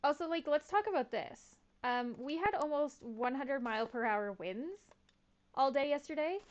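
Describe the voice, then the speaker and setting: A woman's voice: high voice, animated, normal speed, dull audio. A young woman streaming a farming game, chatting in a laid-back, slangy, self-mocking way. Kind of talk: casual gameplay commentary.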